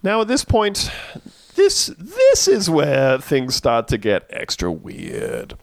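A man's voice: on the high side, wildly swooping pitch, slow, vocal fry, no room sound. A man co-hosting a casual podcast, recapping a TV episode with profane, sarcastic humor. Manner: profane, sarcastic, acts out characters' lines in jokey voices. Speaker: podcast co-host.

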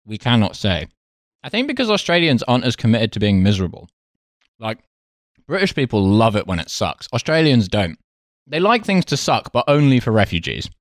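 A man's voice: medium pitch, big pitch swings, fairly quick, no echo, studio quality. A man co-hosting a podcast in casual chat, wry and profane, laughing often as he talks. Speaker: podcast co-host.

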